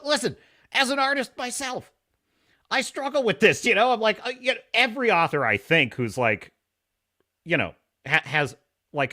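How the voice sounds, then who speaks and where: A man hosting a live stream, talking in a sarcastic, animated way and reading chat messages aloud. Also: on the high side. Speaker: podcast host.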